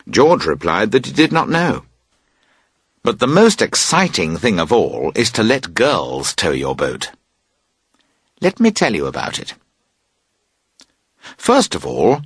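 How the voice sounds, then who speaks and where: Husky slow-reading male narrator. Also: low voice, no room sound, studio quality. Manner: expressive, voices characters. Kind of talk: audiobook reading of a graded reader.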